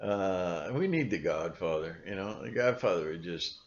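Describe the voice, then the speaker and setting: This man rants sardonically in a meandering monologue for his video channel, restarting often. He speaks at a normal speed with a deep, expressive voice, and the lo-fi recording sounds dull.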